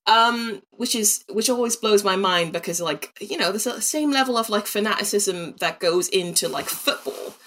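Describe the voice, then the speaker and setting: A woman's voice: medium pitch, normal speed, few pauses, fairly bright tone. A young woman co-hosting a podcast, chatting casually over a video call in a rambling way and laughing often. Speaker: podcast co-host. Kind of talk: casual chat.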